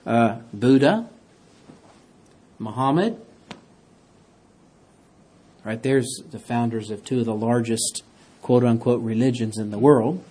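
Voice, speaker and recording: A man preaching a sermon, reading scripture aloud and swinging between loud, emphatic declarations and quiet, hushed asides. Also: medium pitch, takes it slowly, pauses often, breathy edge. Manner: reads scripture in King James wording.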